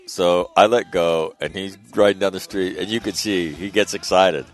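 A middle-aged man hosts a casual talk radio show. His voice sits very low, and he tells stories animatedly, swearing freely and loudly acting out the voices in them. Faint music plays underneath. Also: steady tone, normal speed.

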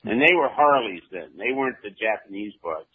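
A man co-hosting a radio show, telling stories in a slow, drawn-out way with many fillers. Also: fairly low pitch, lively intonation, slightly rough. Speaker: radio co-host. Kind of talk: casual radio chat. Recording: tinny phone-like radio line.

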